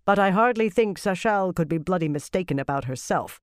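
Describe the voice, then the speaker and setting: A narrator voicing a harsh, foul-mouthed woman who leads a sisterhood, blunt and forceful in an audiobook. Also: mid-range voice, expressive, a little fast, smooth, dry recording, studio quality, close to an everyday voice. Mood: brusque. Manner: blunt and forceful, swearing often. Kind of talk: audiobook character reading.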